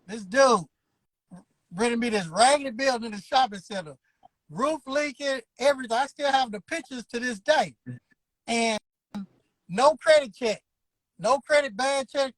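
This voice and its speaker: This is motivational storytelling from an interview guest: a barber school owner in his 50s who speaks emphatically, like a preacher, stretching out his words. His voice sits very high, and the low-quality recording is dry.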